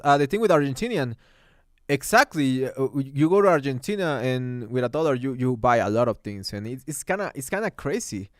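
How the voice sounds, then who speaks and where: A young man hosts a casual livestream and reads out viewer comments as he goes. His English is halting and full of restarts and fillers. His voice is smooth and clear, recorded close on a dry microphone. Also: mid-range voice, animated, dry recording. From Mexico. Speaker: livestream host.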